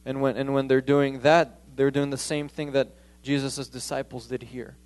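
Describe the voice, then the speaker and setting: Male preacher, church sermon, emphatic delivery, repeats and restarts words, mid-pitched voice. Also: little pitch movement, normal speed, a little mellow. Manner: emphatic, with frequent stammered restarts.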